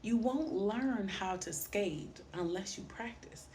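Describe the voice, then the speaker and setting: A woman voicing a calm, teasing grandmother who gently insists with old-fashioned wisdom. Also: mid-range voice, slow pace, a little hiss or hum, lightly acted.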